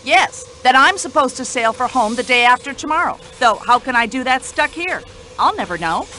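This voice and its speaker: A woman's voice: high voice, animated, moderate pace, pushed and bright, a little hiss or hum, rough recording. A woman voicing a talkative, indignant older widow in a radio play, speaking. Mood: gossipy. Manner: indignant, chatty, complaining.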